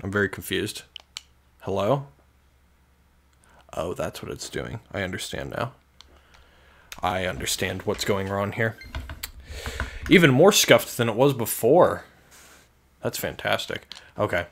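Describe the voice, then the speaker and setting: A man's voice: fairly low pitch, expressive, measured pace, creaky, pauses often, fairly bright tone. A young man casually commenting on a video game he is playing, wry and self-deprecating. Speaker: let's player. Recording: faint game music behind.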